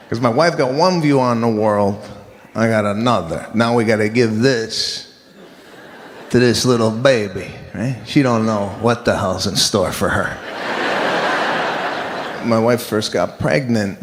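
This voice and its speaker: A man doing stand-up comedy, telling stories in an animated, exasperated way before a live audience. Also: medium pitch. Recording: echoey hall with live crowd and noise. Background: audience laughter.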